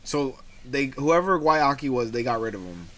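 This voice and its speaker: A man's voice: mid-range voice, lively intonation, moderate pace, a bit bright, a little hiss or hum. A man hosting a livestream and chatting casually, ranting animatedly and swearing freely. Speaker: livestream host. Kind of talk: casual stream chat. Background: music.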